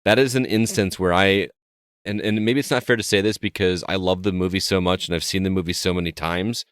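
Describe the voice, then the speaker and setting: A man co-hosts a casual podcast, wandering through an anecdote and restarting his sentences as he goes. His voice sits very low, and the recording is dry with no room sound. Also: steady tone, fairly quick, a bit bright, smooth, no echo. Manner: rambling, storytelling, frequent restarts. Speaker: podcast co-host. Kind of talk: casual chat.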